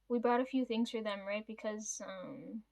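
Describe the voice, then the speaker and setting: Her mid-range voice carries vocal fry as she vlogs to the camera, rambling through a family story. She swears frequently, laughs between thoughts and adds chatty asides.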